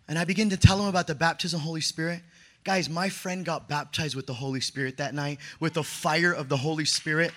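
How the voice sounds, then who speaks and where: A man in his thirties preaching a sermon, telling stories in an animated way with casual slang and building up to shouts. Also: a little high, fast. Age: 30s.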